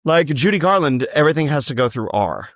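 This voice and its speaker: A man guests on a theater podcast, joking and chatting freely. His pitch swings up and down a lot as he talks. The recording is close and dry. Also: fast talker, dry recording. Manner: animated, joking, slips into impressions. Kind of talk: casual chat about musicals.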